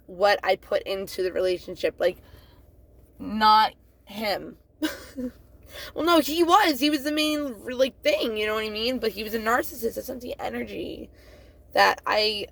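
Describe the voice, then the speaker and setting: A woman's voice: medium pitch, a little slow, vocal fry, fairly bright tone. A woman talking straight to camera in a rambling, profane monologue, often losing her thread and laughing at herself. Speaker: vlogger.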